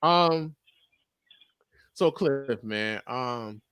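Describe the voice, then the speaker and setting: A man in his thirties co-hosting a podcast, chatting casually about sports with loud, laughing, profane banter. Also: mid-range voice, animated, very slow, clear, resonant tone, no echo. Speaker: podcast co-host.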